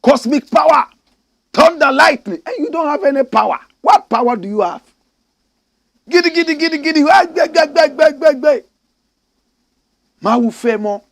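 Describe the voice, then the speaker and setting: A man's voice: high-pitched, fairly even intonation, measured pace, vocal fry, pauses often, no echo, clean studio sound. A man with a Ghanaian accent voicing a boastful male shrine elder in a taunting, sing-song way.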